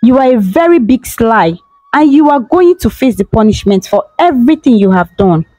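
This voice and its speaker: Storybook: a woman playing a shrill, scolding queen, high and dry. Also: very animated, moderate pace, dark tone, no echo, faint music behind, poor audio. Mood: outraged. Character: furious accusing royal queen mother.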